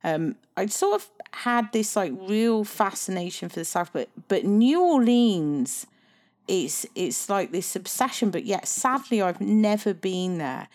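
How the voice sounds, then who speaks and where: A woman from England, co-hosting a film podcast in casual chat, animated and laughing often. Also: medium pitch, a little slow. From Southwest England. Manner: animated, laughs often, trails off mid-sentence. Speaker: podcast co-host.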